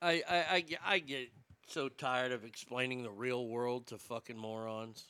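A man's voice: mid-range voice, fairly even intonation, a little slow, pushed and bright, smooth, no echo. A man delivering a blunt, sarcastic, profane opinion rant as a commentator.

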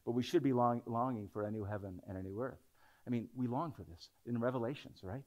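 A man's voice: mid-range voice, fast talker, darkish tone. A man preaching a sermon, talking conversationally and building into dramatic scripture readings.

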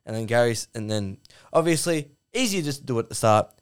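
A man's voice: medium pitch, animated, quick pace, smooth. Sweary Australian man hosting a podcast. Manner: sweary, laughing banter. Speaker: podcast co-host. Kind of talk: casual chat.

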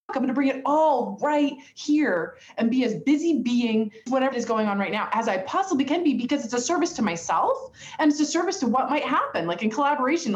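A woman's voice: on the high side, dull audio. Enthusiastic woman on a roomy video call. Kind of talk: casual conversation.

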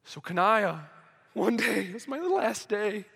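A man's voice: sits high, big pitch swings, a little slow, vocal fry, a bit bright, breathy edge. A young man preaching a sermon, telling a story with emotion and acting out quoted dialogue. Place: church service hall. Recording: hall reverb.

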